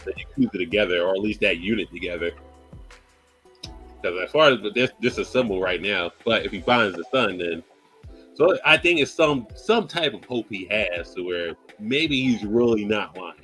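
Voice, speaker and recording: A man co-hosting a podcast, casually reviewing an anime and retelling scenes in a loose, profane, animated way. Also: lowish voice, normal speed, soft background music. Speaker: podcast co-host.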